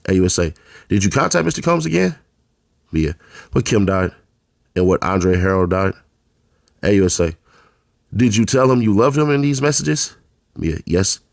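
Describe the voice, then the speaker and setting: A man's voice: lowish voice, big pitch swings, moderate pace, creaky, long pauses, no room sound, studio quality. A man reading a trial transcript aloud, announcing each speaker's label before their lines in a plain read-aloud manner. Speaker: channel host reading court testimony.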